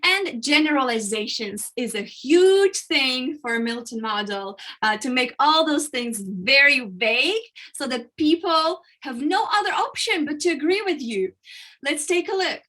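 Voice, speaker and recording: A woman public speaking coach leads a training session, explaining ideas step by step. Her voice sits high and bright, and she stresses key words and pauses to show how emphasis works. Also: expressive. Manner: explanatory, emphatic, uses vocal variety and pauses.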